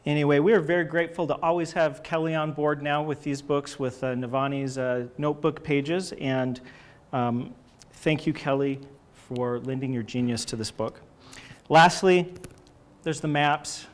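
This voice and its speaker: A man's voice: on the high side, steady tone, moderate pace. Chatty man presenting book artwork. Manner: chatty, hesitant with many fillers and restarts. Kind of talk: casual presentation.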